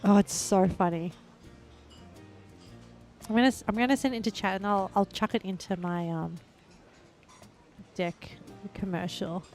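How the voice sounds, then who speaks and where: A woman's voice: medium pitch, measured pace, pauses often, faint music behind. A young adult woman live-streaming a game, chatting casually and rambling with lots of filler words. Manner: bursts into excited squeals and laughs.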